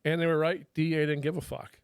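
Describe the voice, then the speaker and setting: Fast-talking and smooth, with a fairly high pitch, a middle-aged retired federal agent tells stories casually and animatedly. He doesn't hold back on swearing and impersonates the people he quotes; the clean studio sound has no echo.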